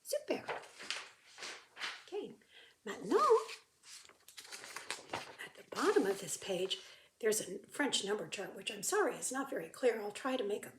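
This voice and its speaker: A woman teaching a beginner French lesson, drilling words slowly for listeners to repeat. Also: medium pitch, expressive, background noise. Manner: drills words slowly for repetition, with bright exclamations. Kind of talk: slow, lively beginner language lesson.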